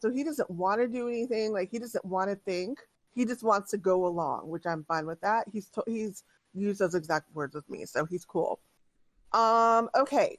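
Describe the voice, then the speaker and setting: A woman's voice: mid-range voice, no room sound. Chatty woman game master. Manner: chatty, with frequent filler words and laughter. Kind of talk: casual chat before a tabletop game.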